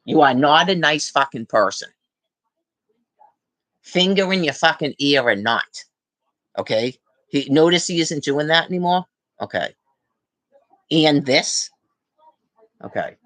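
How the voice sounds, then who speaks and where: A woman's voice: deep voice, animated, measured pace, pauses often, a bit bright, no echo. A woman on a live stream, ranting angrily and swearing hard, tagging her accusations with "okay?". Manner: angry, profane, accusing; repeats "okay?" as a tag.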